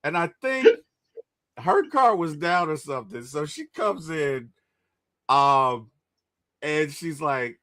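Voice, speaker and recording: A man telling stories in casual chat, animated and laughing when excited. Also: on the high side, normal speed, no room sound, clean studio sound.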